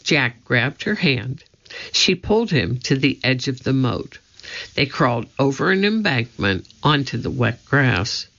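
An audiobook narrator giving a measured, deliberate storybook reading on a dull lo-fi recording. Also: mid-range voice, sing-song, creaky, a bit bright.

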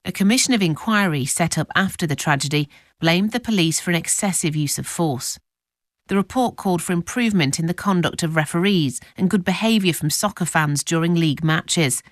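A woman reading scripted news narration in an even, formal tone. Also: lowish voice, fairly quick, no echo, studio quality.

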